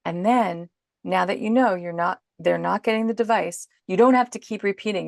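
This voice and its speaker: A woman guest on a podcast, calmly and patiently explaining parenting advice in an instructive way. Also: mid-range voice, moderate pace, creaky, no echo, clean studio sound.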